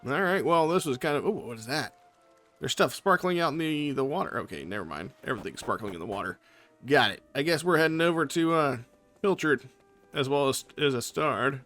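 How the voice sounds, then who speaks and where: A man's voice: medium pitch, expressive, fairly quick, fairly bright tone. A man giving casual gameplay commentary as a let's play host, chatty and thinking aloud. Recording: faint game music behind.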